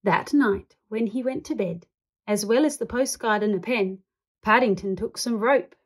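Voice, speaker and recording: A woman reading a children's picture book aloud, with calm, clear storytelling. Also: medium pitch, normal speed. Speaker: read-aloud host.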